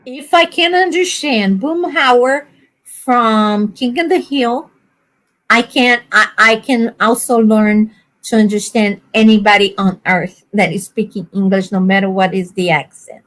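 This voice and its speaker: A woman chats casually on a stream, often pausing to search for words and laughing. Her voice sits fairly high. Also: fairly bright tone, rough recording. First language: Portuguese. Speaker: livestream co-host. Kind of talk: casual chat.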